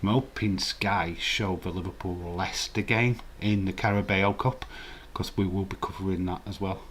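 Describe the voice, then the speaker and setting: A man's voice: deep voice, fairly even intonation, moderate pace, a bit bright, slight background noise. A man hosting a casual live stream, rambling and chuckling while reading the chat. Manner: rambling, chuckling, chatty asides.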